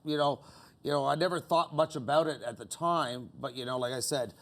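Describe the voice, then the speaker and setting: A man from Canada, a guest in a music club, rambles through casual anecdotes and pokes fun at himself. His voice sits mid-pitched and is peppered with "you know" fillers. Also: fairly even intonation, brisk, a bit bright. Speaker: interview guest.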